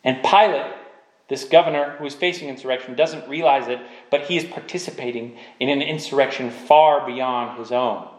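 A man's voice: medium pitch, moderate pace, roomy sound. A man preaching a sermon, pressing his point with repeated rhetorical questions.

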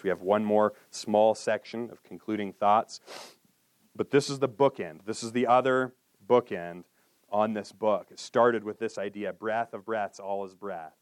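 A man preaching a sermon in an earnest way, dropping to a hushed voice on solemn lines and lifting for emphasis. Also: dry recording. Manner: earnest, with drops to a hushed low voice and lifts for emphasis. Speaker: pastor.

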